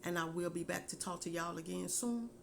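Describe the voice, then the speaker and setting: A middle-aged woman giving casual, heartfelt parenting advice, earnest and folksy, repeating her points slowly. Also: lowish voice, creaky, a little hiss or hum.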